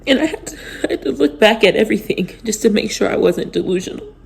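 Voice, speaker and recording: A woman vlogging to her viewers, emotionally exhausted and close to tears, her talk halting and often dropping to a near whisper. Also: mid-range voice, lively intonation, gravelly. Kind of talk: emotional personal vlog.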